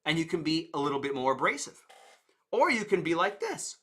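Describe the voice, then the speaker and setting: A man's voice: a little high, very animated, fairly quick, sharp tone. A man teaching communication and sales in a conversational way, explaining with stories and examples. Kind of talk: teaching talk to camera.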